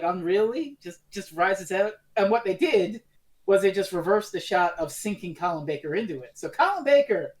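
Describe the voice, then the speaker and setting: A woman co-hosting a podcast in casual chat, blunt and swearing freely as she recaps. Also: mid-range voice. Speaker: podcast co-host.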